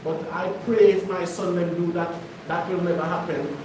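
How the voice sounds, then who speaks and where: High-voiced man preaching in an echoey hall. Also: little pitch movement, normal speed, noisy background. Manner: emphatic, asks the congregation questions. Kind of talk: conversational preaching. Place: congregation hall. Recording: echoey room, mic far off.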